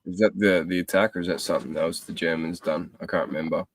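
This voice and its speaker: A very deep-voiced man chatting on a video call. He is laid-back and agreeable, mostly backing up the other speaker with short replies. A faint hiss sits under his voice. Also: fairly even intonation, quick pace. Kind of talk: casual chat.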